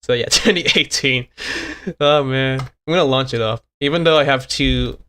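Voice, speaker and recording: Showing his homemade games on a live stream, the man behind the VTuber avatar chats in a relaxed way, chuckling frequently, repeating himself, and trailing off partway through sentences. His voice is mid-range with a sharp tone at a moderate pace, and a little hiss or hum can be heard.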